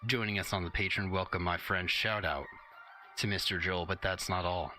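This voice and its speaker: A man's voice: sits low, steady tone, moderate pace, pushed and bright, faint music behind. A man hosting a casual crypto live stream, chatty and slangy, a bit out of breath and just woken up.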